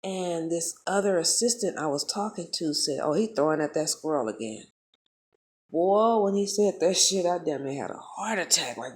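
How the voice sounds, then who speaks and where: A woman vlogger, telling a story in a heated, profane, animated way. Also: low-pitched, normal speed, a little hiss or hum. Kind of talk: casual storytelling monologue.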